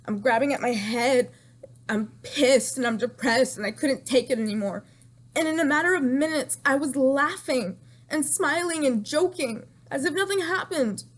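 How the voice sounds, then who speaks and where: A woman's voice: high-pitched, moderate pace. A young woman telling an emotional storytime vlog, distraught and rambling, repeating herself and crying at times.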